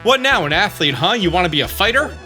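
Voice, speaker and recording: A man's voice: high-pitched, very animated, fast talker, bright, forceful tone, faint music behind, voice pushed up, exaggerated voice. A man voicing a folksy older male Texan fight promoter in a video game, with a drawling, slang-heavy delivery. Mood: gruff.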